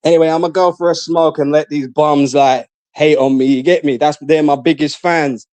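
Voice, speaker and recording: A man with a high voice mocks and boasts, repeating his taunts over and over. The sound is dry and close, with no room echo. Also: steady tone, normal speed, a little mellow. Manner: taunting, trash-talking, boastful; repeats himself, mocking. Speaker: live stream guest. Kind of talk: casual stream chat.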